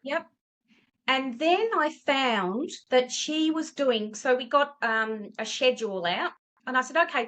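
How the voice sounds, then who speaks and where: A woman's voice: sits high, rough recording. A middle-aged woman, a tutor telling a story as an interview guest and acting out the voices of the people in it. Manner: animated, acts out quoted voices. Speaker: tutor and education business owner, interview guest.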